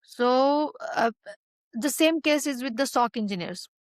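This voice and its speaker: Woman guest with a higher voice, full of fillers. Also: unhurried, no echo. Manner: hesitant, many fillers and restarts. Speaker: guest expert. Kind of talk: conversational interview answers.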